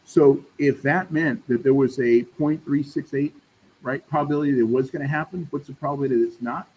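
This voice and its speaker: A man's voice: medium pitch, fairly even intonation, a little fast, a little mellow, slightly rough, rough recording. A man teaching a math class in a casual, chatty way, often checking in with the room. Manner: casual, addresses class as y'all, checks in with "right?". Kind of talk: classroom lecture.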